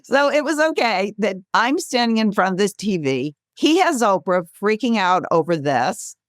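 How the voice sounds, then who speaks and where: Animated older woman telling a story. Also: medium pitch, moderate pace, no echo, studio quality. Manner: lively, animated storyteller who acts out quotes. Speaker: guest, author and speaker. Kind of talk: storytelling in a podcast interview.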